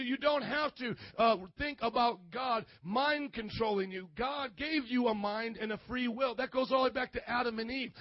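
High-voiced man preaching a sermon. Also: dry recording, lo-fi sound. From grew up in an Italian family. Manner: call-and-response preaching, asks congregation for amens; acts out quoted voices. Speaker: pastor.

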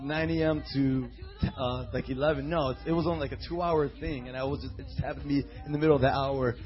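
A man preaching a sermon as pastor, reading scripture slowly and telling personal stories full of fillers and quoted voices. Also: a little high, muffled recording. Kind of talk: sermon with storytelling.

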